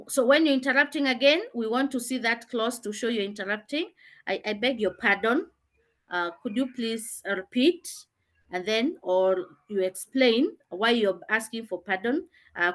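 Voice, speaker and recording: Woman teacher, bright clear voice, emphatic, repeats points, uh fillers. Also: fairly high pitch, animated, moderate pace. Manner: emphatic, repeats key phrases with frequent "uh" fillers. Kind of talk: classroom revision lesson. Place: classroom with students.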